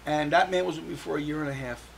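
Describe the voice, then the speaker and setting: Older gravelly-voiced man telling his story. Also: fairly high pitch, fast, slight background noise, poor audio. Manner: animated storyteller acting out the voices of people he quotes. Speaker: guest. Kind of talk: personal storytelling interview.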